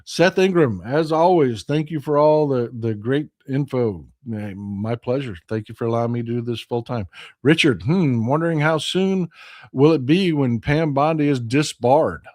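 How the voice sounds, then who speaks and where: A folksy man hosts a live stream, thanking viewers and wandering into long rambles. His voice sits at an everyday middle pitch. It is recorded close on a dry mic with no room sound. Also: normal speed, darkish tone, no room sound. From Texas. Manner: folksy and chatty, rambling with restarts. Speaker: host of a live call-in stream. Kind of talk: casual chat reading viewer comments.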